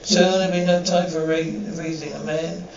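An actor playing a coldly superior, hyper-evolved man, speaking in a measured, lecturing way, in a 1960s television drama. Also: a little high, little pitch movement, gravelly, background noise. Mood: contemptuous. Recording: dull, roomy old TV soundtrack from a distance.

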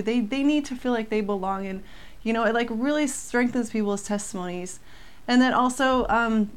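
A woman co-hosting a casual chat, speaking in an earnest, heartfelt way with frequent restarts. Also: fairly high pitch. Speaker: co-host.

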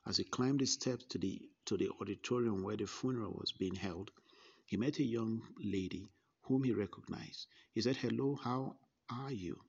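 A man reading a first-person narration in a measured way, with small slips and restarts. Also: on the low side, darkish tone, husky, dull audio. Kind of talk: scripted narration.

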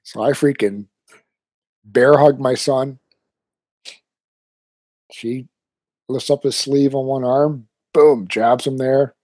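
Dark husky-voiced man telling a story. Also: medium pitch, slow, long pauses, dry recording. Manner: animated storyteller, acting out his kids' lines. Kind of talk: casual chat.

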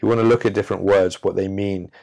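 A man with a very low, gravelly voice delivers a self-help monologue straight into the mic. He talks emphatically and preachily, stretching out pauses for effect. His deep register carries a rough, fry-laden edge. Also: steady tone, a little mellow. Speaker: podcast host. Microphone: audio-only recording.

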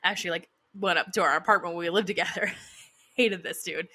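Speaking fairly quickly in a lowish, steady voice with a sharp tone, a thirty-something woman tells offhand stories. She laughs a lot and leans heavily on fillers in her chatty monologue.

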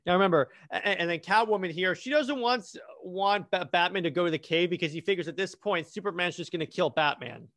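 A man's voice: high-pitched, quick pace, hardly any pauses, fairly bright tone. Rambling man recapping a comic plot. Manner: rambling, many restarts and false starts.

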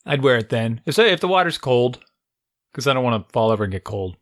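A man in casual chat, making wry, deadpan jokes. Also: medium pitch, fast, no room sound, studio quality.

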